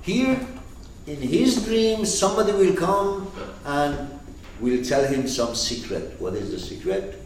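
A man's voice: a little high, expressive, slow. A man teaching a class on a poetic text, speaking emphatically and asking his students questions. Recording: echoey room, distant mic, faint noise.

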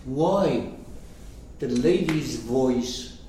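A man's voice: mid-range voice, expressive, extremely slow, warm tone, slight background noise. Echoey man explaining a story. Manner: rhetorical questions, checking in with listeners. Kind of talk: lecture commentary. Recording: echoey room, mic far off.

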